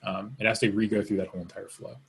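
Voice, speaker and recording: A man moderating a webinar Q&A, reading out questions and giving measured technical explanations. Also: lowish voice, level tone, creaky, slight background noise.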